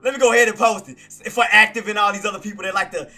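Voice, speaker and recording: A man giving live trading commentary, excitable and boastful, repeating himself as he shows his gains to viewers. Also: high-pitched, very fast. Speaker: day-trading streamer.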